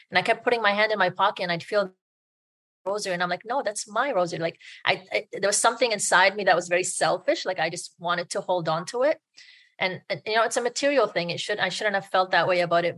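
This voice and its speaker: A woman's voice: fairly low pitch, fairly bright tone. A woman guest, a parish group president, earnestly telling a personal faith story with many fillers.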